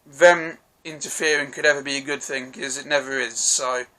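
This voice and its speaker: A man's voice: medium pitch, fairly even intonation, moderate pace, pushed and bright. A man giving a casual, rambling film review, swearing freely and restarting his sentences.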